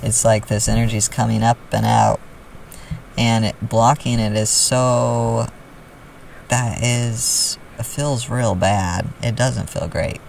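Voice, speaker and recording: A man talking casually to camera about his feelings and self-help, soft and earnest in a confiding way. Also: mid-range voice, steady tone, slow pace, vocal fry, distant mic, a little hiss or hum, poor audio. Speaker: vlogger.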